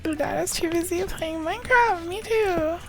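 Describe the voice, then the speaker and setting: A woman's voice: very high-pitched, normal speed. A young woman chatting casually on a live gaming stream, rambling and answering chat offhand. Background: background music playlist.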